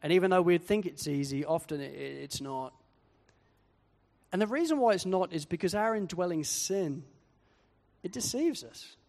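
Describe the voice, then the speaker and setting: A pastor delivers a sermon in a fairly high voice. He is animated and acts out quoted voices along the way. The sound carries the long echo of a hall. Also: normal speed, vocal fry, long pauses.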